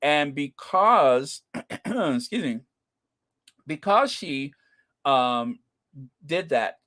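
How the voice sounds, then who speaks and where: With a fairly high voice, he talks very slowly and leaves long pauses while hosting a casual live stream. He gushes with excitement, responds to viewers' comments, sniffles from a runny nose, and clears his throat frequently.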